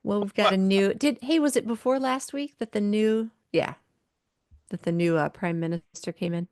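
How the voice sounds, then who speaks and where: A woman's voice: mid-range voice, moderate pace, a little mellow, no room sound, studio quality. Woman cohost, chatty and curious, laughs a lot, mid voice. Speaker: co-host. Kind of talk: casual chat.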